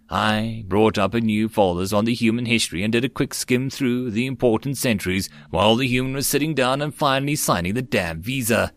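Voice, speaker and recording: Guy reading fanfic out loud, steady, normal pitch, dry close sound. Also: brisk, few pauses, dry recording. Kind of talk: reading fan fiction aloud.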